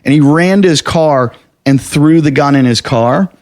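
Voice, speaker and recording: A man tells a story on a casual podcast with a slightly high voice. He talks animatedly, acting out what everyone said and swearing freely. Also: moderate pace, a little mellow. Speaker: guest telling a story.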